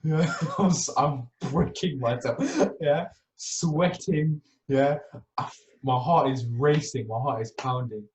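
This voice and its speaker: A young man tells a story on a podcast in an animated, playful way, acting out each moment. His voice is in the middle of the range for a man. The mic sits a little way off in a room that echoes. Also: mid-range voice, slow. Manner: animated, acts out scenes, tags lines with "yeah?". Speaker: podcast co-host. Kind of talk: casual storytelling. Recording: roomy sound, mic at a distance.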